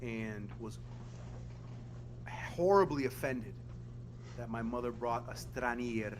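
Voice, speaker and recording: A man's voice: medium pitch, slow pace, a little hiss or hum. Profane storytelling podcast man. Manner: animated, profane, acts out quotes. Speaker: podcast host. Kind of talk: casual chat, storytelling.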